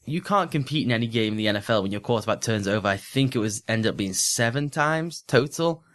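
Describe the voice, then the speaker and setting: A man's voice: mid-range voice, animated, a little fast, a bit bright. Man analyzing football in casual chat. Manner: analytical, fluent, frequent restarts. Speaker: podcast co-host.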